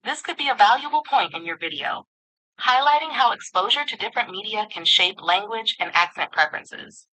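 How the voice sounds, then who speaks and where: A synthetic woman's voice, an AI voice assistant, giving smooth, upbeat, polished replies in conversation. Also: mid-range voice, sharp tone, rough recording.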